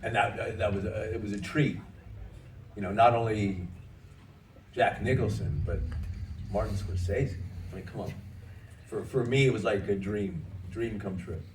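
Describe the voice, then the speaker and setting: A man in his sixties from the United States, a guest actor telling lively anecdotes at a festival Q&A, often restarting his sentences. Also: lowish voice, unhurried, long pauses. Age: 60s. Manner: animated anecdotes, frequent restarts. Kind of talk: festival Q&A storytelling. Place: festival event hall. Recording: echoey room, distant mic, faint noise.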